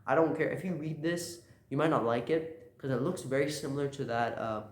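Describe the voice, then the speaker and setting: A man's voice: a little high, a little fast. Rambling casual male recapper. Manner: loose, rambling, lots of fillers and laughs. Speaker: channel host. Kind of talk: casual manga chapter recap. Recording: roomy echo.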